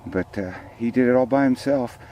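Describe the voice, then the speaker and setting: A man's voice: medium pitch, normal speed, dull audio, slight background noise. An older man, hosting a hunting show outdoors by a field and rambling folksily about the hunt and his sponsors. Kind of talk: casual outdoor commentary.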